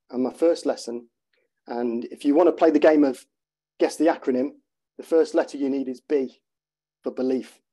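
A man's voice: medium pitch, warm tone. A man in his fifties, a former soldier, giving a talk and reading a chapter of his book aloud with dry, self-deprecating humour. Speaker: conference speaker, former soldier.

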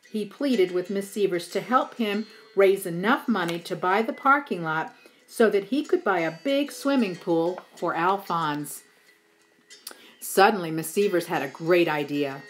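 A woman reading a children's storybook aloud in an expressive, unhurried way. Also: lowish voice, soft background music, rough recording. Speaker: storybook reader.

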